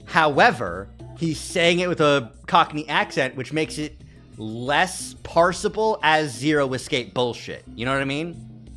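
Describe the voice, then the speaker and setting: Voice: mid-range voice, animated, measured pace, fairly bright tone, soft background music. A streamer giving casual, joking let's-play commentary in a wry manner. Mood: amused.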